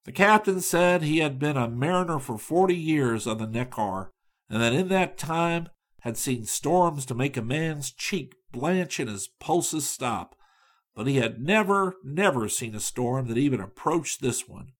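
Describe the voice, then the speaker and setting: A man reading a travel story aloud in measured audiobook narration. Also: medium pitch, animated.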